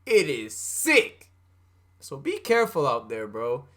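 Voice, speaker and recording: Hype joking guy reacting to videos, lively up-and-down voice, bright tone. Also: medium pitch, slow. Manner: animated, slangy, joking. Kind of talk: casual reaction commentary.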